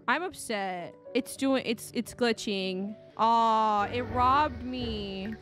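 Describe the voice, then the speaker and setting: A young woman streaming a life-sim game live, talking to her chat in an animated way and laughing often. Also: mid-range voice, slow pace, few pauses, soft background music. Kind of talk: casual live-stream commentary. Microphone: desk microphone.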